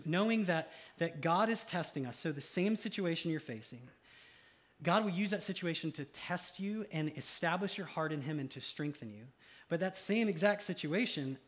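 Pastor, slightly high voice. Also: male voice. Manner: emphatic repetition of key lines. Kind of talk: conversational sermon. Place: church service.

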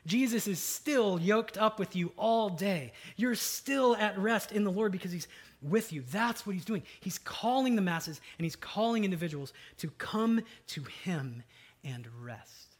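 Lively, conversational man preaching. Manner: dynamic, swings from loud emphatic to soft and low; conversational with fillers and asides. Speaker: pastor. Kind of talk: sermon.

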